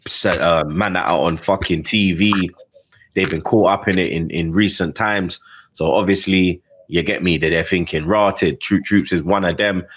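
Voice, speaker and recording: A middle-aged man with a London accent, hosting a casual chat and telling animated stories full of slang. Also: sits low, slightly rough. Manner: animated storytelling with slang tags. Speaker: host.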